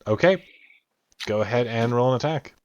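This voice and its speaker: A man's voice: medium pitch, moderate pace, a little mellow, no echo. A man narrating as game master of a tabletop game, describing scenes at length with frequent fillers. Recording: dull lo-fi audio.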